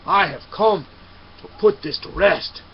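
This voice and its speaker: A man doing a loud, haughty samurai. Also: fairly high pitch, sing-song, slow pace, highs cut off, a little hiss or hum, exaggerated voice. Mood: proud, blustering. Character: proud angry male samurai warrior.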